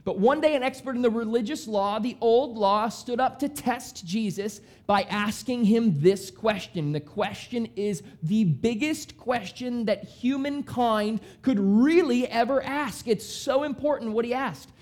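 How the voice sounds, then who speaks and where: Animated high-voiced male preacher. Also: measured pace, few pauses. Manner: animated, conversational preaching with dramatic voiced quotes. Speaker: pastor. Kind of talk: sermon.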